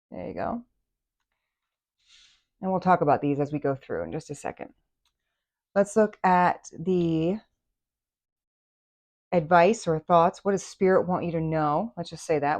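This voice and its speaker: A woman giving a chatty, casual tarot reading, full of fillers and exclamations. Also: lowish voice. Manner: chatty, animated, many fillers. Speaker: tarot reader.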